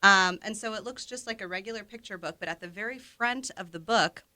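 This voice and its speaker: A woman's voice: mid-range voice, pushed and bright, dry recording. A woman co-hosting a radio show, chatting in an upbeat way about library books. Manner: upbeat, chatty, quick to laugh. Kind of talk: casual radio chat. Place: radio studio.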